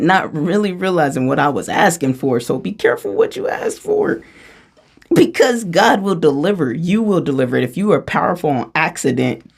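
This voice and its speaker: A spiritual channeler speaking a freestyle channeling monologue, animated and chatty and often laughing. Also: mid-range voice, gravelly. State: out of breath.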